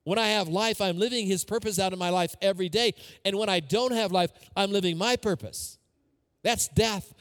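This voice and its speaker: A man's voice: high-pitched, long reverb tail. A man preaching a sermon as a pastor, talking conversationally with personal stories and repeated phrases.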